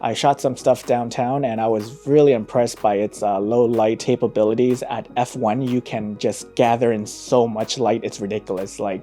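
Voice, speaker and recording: Man, mid-pitched voice, casual lens review vlog, slangy and excitable, faint music behind. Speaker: camera reviewer.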